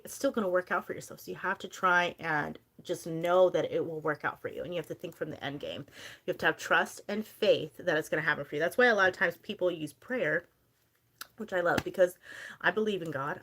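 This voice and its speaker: Young female streamer, casual and talkative, slightly low pitch, answers her chat. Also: a bit bright. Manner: chatty, rambling, reads viewer comments aloud. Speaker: livestream host.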